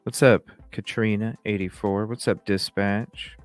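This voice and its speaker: A man's voice: on the low side, steady tone, a little slow, no room sound, faint music behind. A man hosting a casual livestream, rambling with fillers and restarts and greeting chat viewers. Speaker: livestream host.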